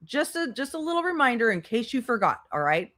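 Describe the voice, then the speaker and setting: A woman's voice: a little high, big pitch swings, a little fast, fairly bright tone. A woman hosting a commentary livestream, sarcastic and exasperated, swearing as she talks to her chat. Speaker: commentary channel host.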